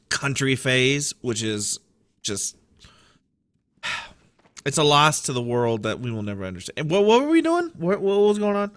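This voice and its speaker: A man's voice: mid-range voice, a bit bright. A man streaming a game, giving rambling, playful, self-deprecating commentary. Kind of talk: casual gameplay commentary.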